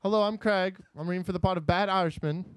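A man plays a hapless, self-important audition hopeful who stammers and agrees with everything. The voice sits high for a man. The sound is dry and close. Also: fairly even intonation, quick pace, dry recording, close to an everyday voice. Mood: amiable, fumbling. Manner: hesitant, stammering, endlessly agreeable. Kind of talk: improv comedy scene.

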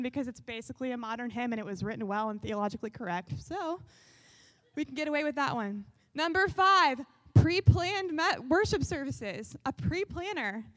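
High-voiced sarcastic woman worship leader. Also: no room sound. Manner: animated and sarcastic, bursts into shouts and sung snippets. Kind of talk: comedic sketch on worship styles.

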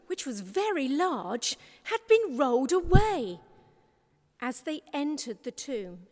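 A woman reading a scripture passage aloud in a church, measured and careful. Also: sits high. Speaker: scripture reader. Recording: long church reverb.

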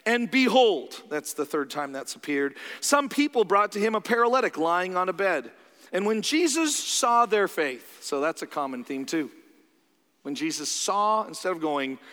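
A man's voice: high voice, moderate pace. Man preaching in a reverberant hall. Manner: conversational, animated, acts out quoted voices. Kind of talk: sermon.

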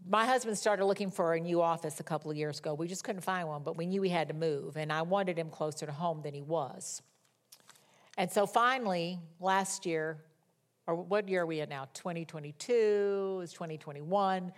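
A middle-aged woman preacher reading scripture and telling a humorous personal story in a lively sermon. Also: lowish voice, moderate pace.

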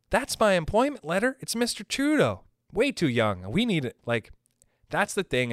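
A young man from Canada doing a rambling, profane stand-up monologue, pushing his pitch up and down for emphasis. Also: clear, resonant tone, no room sound, clean studio sound. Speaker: stand-up comedian.

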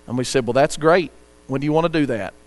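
A man's voice: mid-range voice, fast talker. A man preaching a sermon, earnest, reading scripture aloud and telling a story to the congregation.

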